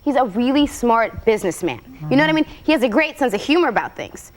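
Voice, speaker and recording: A young woman in her twenties talks fast and rambles as a talk show guest. Her voice sits a little high, bubbly and quick to laugh. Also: big pitch swings. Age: 20s. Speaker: guest actress. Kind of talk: casual talk show chat.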